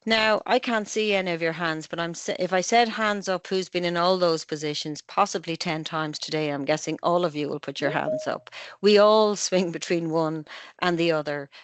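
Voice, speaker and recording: A middle-aged Irish woman, a family psychotherapist, calmly explaining parenting ideas with analogies in an online webinar. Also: lowish voice, clear, resonant tone, no echo. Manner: calm, measured explaining with analogies.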